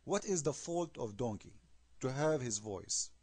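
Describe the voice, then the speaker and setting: Husky man arguing scornfully. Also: medium pitch, expressive, unhurried, a little mellow, dry recording. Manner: emphatic, scornful, full of rhetorical questions; non-native English grammar. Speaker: online commentator. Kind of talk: argumentative video commentary.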